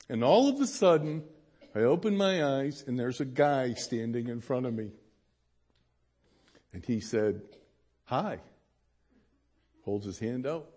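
A man's voice: mid-range voice, lively intonation, takes it slowly, pauses often, a little mellow. A man pastor giving a sermon testimony, telling his story with animation and acting out the voices of people he quotes.

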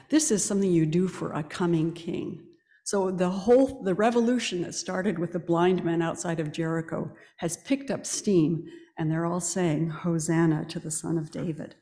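A woman preaching a sermon in a church, telling the story in a lively way and quizzing the congregation. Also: fairly low pitch. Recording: echoey church hall.

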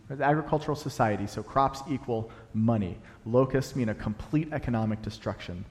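A young adult man preaching a sermon in a church, animated, building to emphatic peaks as he explains a passage. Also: medium pitch, fairly quick, few pauses. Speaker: pastor. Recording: long hall reverb.

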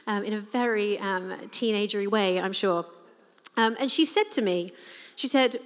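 A woman's voice: mid-range voice, brisk, a bit bright. A woman giving a sermon in an earnest, conversational way with frequent "um" fillers. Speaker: preacher. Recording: reverberant hall.

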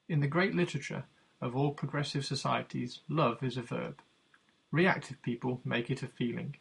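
Earnest male author-narrator, measured delivery, gravelly and husky tone. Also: mid-range voice, fairly even intonation, poor audio. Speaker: author narrating his book. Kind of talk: audiobook narration.

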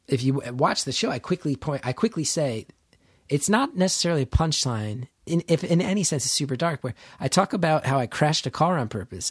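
A middle-aged man from New Jersey tells a story from his own life as a comedian guest in a conversation. He is animated, swears freely and acts out what other people said. His voice sits at an average pitch, and the recording is close and dry. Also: slightly rough, dry recording.

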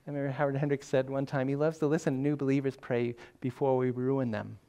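An older man, a pastor, giving a sermon in a relaxed, conversational storytelling way with self-deprecating humor. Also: mid-range voice, fast talker, few pauses, clear, resonant tone.

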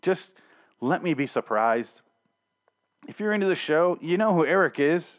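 A man's voice: a little high, lively intonation, moderate pace. A young man reviewing a TV episode in a casual, profane, sarcastic rant, full of exasperated complaints.

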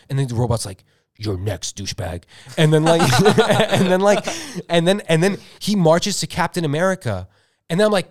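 Rambling man spinning a comic tale. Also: a little high. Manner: rambling, filler-heavy, self-interrupting. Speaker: podcast co-host. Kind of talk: improvised comic storytelling.

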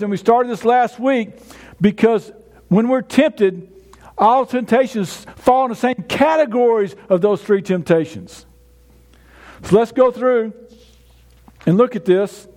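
A man's voice: high voice, unhurried, darkish tone. A man preaching a sermon in a conversational way, often restarting his words. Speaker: pastor.

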